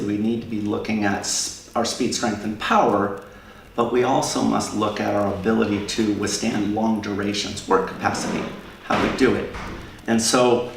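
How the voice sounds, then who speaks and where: A man, an endurance coach, explaining his training ideas in an interview in a measured way, often repeating a word as he starts a sentence. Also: fairly low pitch, gravelly, far from the mic. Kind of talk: interview answer. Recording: roomy sound from off-mic with faint noise.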